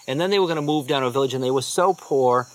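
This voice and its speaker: A man giving a storytelling talk as a spiritual teacher, relaxed and conversational, often dropping into quiet asides. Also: mid-range voice, rapid-fire.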